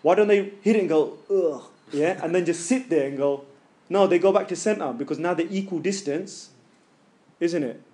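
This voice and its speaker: A man with a high voice runs a tajweed class, casual and full of jokes. He elongates sounds slowly and loudly to demonstrate them.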